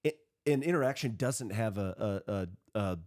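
A man's voice: fairly low pitch, animated, darkish tone. Chatty male podcast host. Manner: chatty, rambling, quick to laugh. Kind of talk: casual chat.

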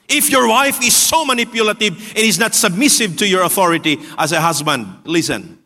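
A man preaching a sermon with earnest repetition, often dropping low and soft for emphasis. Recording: long hall reverb.

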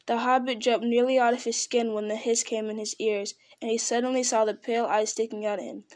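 A woman reading a fantasy storybook aloud, unhurried, with small slips and restarts. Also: fairly high pitch, level tone, darkish tone. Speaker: reader.

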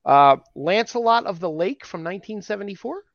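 A man's voice: high voice, animated, a little fast, creaky, no room sound. A man co-hosting a casual geek news podcast, reading out rankings and joking with his co-host. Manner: jokey, reads out rankings and news items. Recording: dull lo-fi sound.

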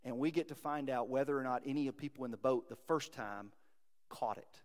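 A middle-aged male pastor preaching a sermon, retelling scripture with animated storytelling that rises with emphasis. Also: mid-range voice, fairly quick. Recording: long reverb of a hall.

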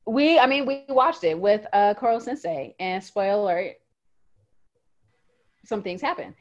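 Woman, podcast co-host, casual chat, animated storytelling, lo-fi muffled sound. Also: mid-range voice, a little slow. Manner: animated, emotional storytelling with fillers. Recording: muffled lo-fi audio.

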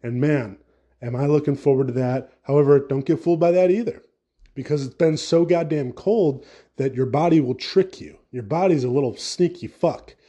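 Man, solo podcast host, casual rambling rant, profane, sarcastic, warm relaxed tone. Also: fairly high pitch, normal speed, husky.

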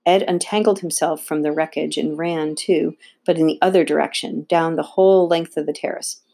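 A woman reads a children's novel aloud in a low voice, steady and expressive. Her narration is calm and clear, the tone of a read-aloud storybook. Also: normal speed. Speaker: audiobook reader.

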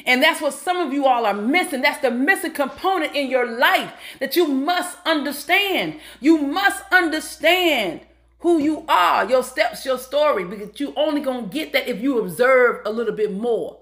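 A woman's voice: high voice, animated, moderate pace, few pauses, a bit bright. A middle-aged woman giving a preachy motivational talk, calling out to listeners as y'all and honey. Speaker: motivational speaker.

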